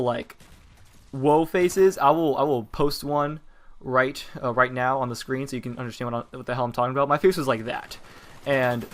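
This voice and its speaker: A teenage boy who vlogs about his life rambles through a personal story, full of fillers and restarts. His voice is medium-pitched and a bit bright.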